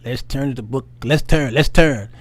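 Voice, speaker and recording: A man's voice: medium pitch, moderate pace, no echo. A man hosting a faith-based talk show, joking and laughing often with a preacher-like cadence. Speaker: host.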